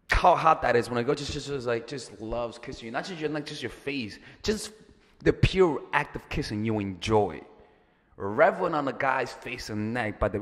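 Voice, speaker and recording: Male dating coach, loose profane advice talk, mid-pitched voice, echoey room with a long tail. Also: fairly bright tone. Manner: chatty, profane, repeats words, playful asides. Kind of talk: casual advice monologue.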